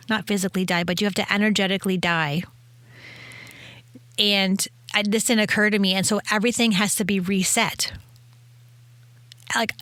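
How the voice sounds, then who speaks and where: A woman's voice: medium pitch, a bit bright, dry recording. A woman speaking as a spiritual mentor in a casual solo podcast talk, rambling and often correcting herself mid-sentence, with acted asides.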